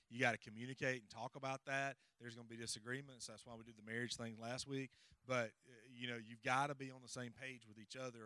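Middle-aged man, rambling storyteller, bright tone, asks audience if it makes sense. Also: mid-range voice, clean tone, no echo. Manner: folksy, rambling, audience check-ins. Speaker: parenting seminar co-presenter. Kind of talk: conversational teaching with personal stories.

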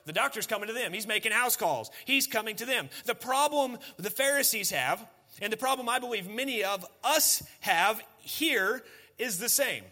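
A man's voice: sits high, lively intonation, normal speed, bright, forceful tone. A man, preaching a sermon as pastor in a conversational way, full of rhetorical questions and folksy asides.

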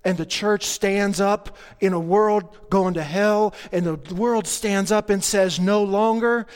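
High-voiced male preacher in a reverberant hall. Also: slow. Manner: playful, jokey asides to the congregation; builds to excited, bouncing energy. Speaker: pastor. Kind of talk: sermon.

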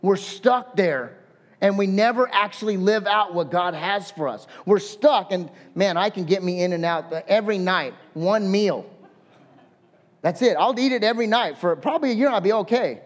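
A male pastor delivering a sermon with a notably high voice for a man. He tells stories animatedly, acting out quotes and rattling off lists. His voice rings with a long hall reverb. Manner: storytelling with lively voiced quotes and listed words.

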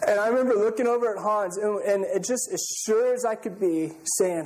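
A man's voice: high voice, fairly quick, few pauses, darkish tone, slight background noise, poor audio. A middle-aged male pastor preaching a sermon, telling stories in an earnest, conversational way with frequent restarts.

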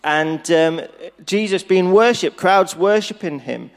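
Slow, earnest preaching man. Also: high-pitched. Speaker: pastor. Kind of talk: sermon. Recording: reverberant hall.

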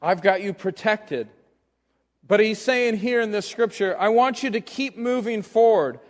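A male pastor giving a conversational sermon, moving between hushed talk and loud emphasis. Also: high voice, measured pace, long reverb tail.

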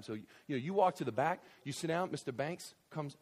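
A male pastor preaches in church with a fairly high, very lively voice. He tells stories with animated energy and swings between conversational asides and emphatic, shouted points. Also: fairly quick, few pauses, husky. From Southern United States. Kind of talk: sermon.

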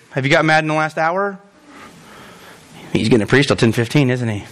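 A man's voice: fairly high pitch, animated, brisk, sharp tone. A man preaching a sermon as pastor in his church, joking and emphatic as he goes.

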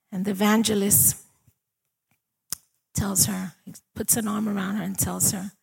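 A woman's voice: mid-range voice, little pitch movement, a little slow, creaky, long pauses, darkish tone, slightly rough. A woman preaching a sermon in a conversational way, often turning to the congregation to check they follow. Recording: long reverb of a large hall.

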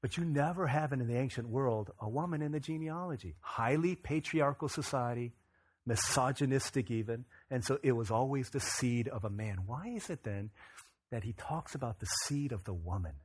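Husky-voiced man preaching with rising intensity. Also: medium pitch, normal speed. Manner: swings from quiet to loud, emphatic preaching. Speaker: pastor. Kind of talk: sermon.

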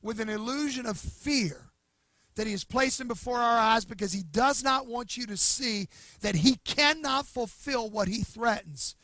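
A man pastor preaching a sermon with emphasis, swinging between loud bursts and hushed, slow lines. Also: extremely high pitch, dry recording.

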